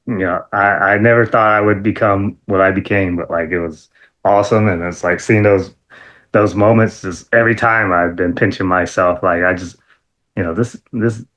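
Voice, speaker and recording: A middle-aged man, a former wrestler, telling animated stories as an interview guest, excitable, with many fillers and sudden high-pitched outbursts. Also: moderate pace. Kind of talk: animated storytelling.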